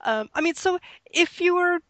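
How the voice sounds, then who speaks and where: A woman's voice: extremely high pitch, expressive, normal speed, a bit bright, no room sound. A woman co-hosting a casual chat, speaking with dry, wry humor.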